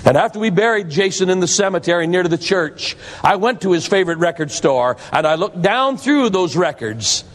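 Here a man tells a story from the pulpit in a dramatic, emphatic manner, changing his pitch for effect. The sound has the long reverb of a hall.

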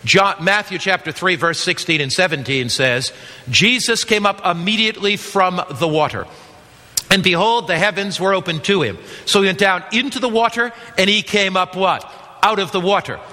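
A man's voice: high voice, sharp tone. A man preaching a sermon, emphatic and quizzing his listeners with questions. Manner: emphatic, asks the audience questions. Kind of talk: evangelistic sermon. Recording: long hall reverb.

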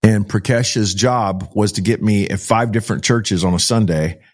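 A middle-aged Texan man who founded a child rescue organization tells stories during an interview. His voice sits lowish and moves at a normal speed, and he's an animated narrator who acts out the quoted dialogue.

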